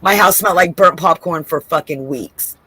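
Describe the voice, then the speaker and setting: On a video call, a woman co-hosting a trivia game chats casually, swearing freely and rambling and laughing through her stories. Her voice is fairly low in pitch, pushed and bright, at a moderate pace.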